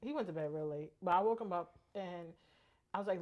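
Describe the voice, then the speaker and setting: A woman's voice: on the low side, fast. Podcast woman retelling a morning argument. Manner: agreeable listener who gets heated retelling arguments. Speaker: podcast co-host. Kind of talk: casual chat.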